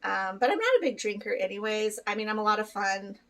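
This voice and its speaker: A woman's voice: mid-range voice, lively intonation, fairly quick, sharp tone, recorded from a distance, poor audio. Chatty, candid middle-aged woman vlogger. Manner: chatty and candid, frequent fillers and laughs. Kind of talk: casual chat to camera.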